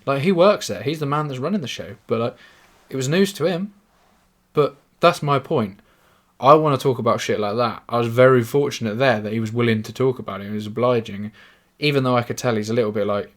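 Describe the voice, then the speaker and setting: Rambling English bloke swearing casually. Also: male voice, mid-range voice, brisk. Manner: swearing, rambling, self-mocking. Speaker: podcaster. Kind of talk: casual monologue.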